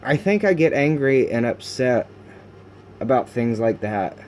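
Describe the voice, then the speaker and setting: A man records a confessional video diary at home, speaking in halting, raw bursts full of restarts and fillers, frustrated and now and then cursing. His voice is medium-pitched and darkish with lively intonation, over slight background noise.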